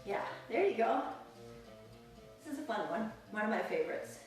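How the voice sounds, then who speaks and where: A woman's voice: fairly high pitch, sing-song, normal speed. A woman teaching a live belly dance class, counting beats aloud and cueing each move with encouragement. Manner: encouraging and upbeat. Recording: very echoey room, mic far off. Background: music playing.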